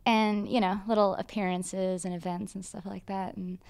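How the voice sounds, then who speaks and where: A woman's voice: mid-range voice, flat delivery, normal speed, creaky, a little mellow, smooth. A woman in a band, chatting and giggling through a casual interview. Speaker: band member. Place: backstage at a concert venue.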